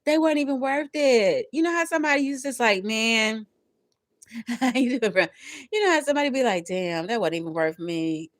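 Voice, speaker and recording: A woman doing a live tarot reading, talking in slangy, animated bursts with lots of laughter. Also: sits high, fairly quick, no echo. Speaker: tarot reader.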